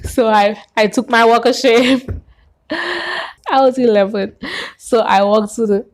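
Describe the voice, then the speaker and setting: A woman telling her personal faith testimony in an earnest, animated way, gasping and acting out what she said back then. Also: on the high side, slow. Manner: earnest and animated, with gasps and acted-out quotes.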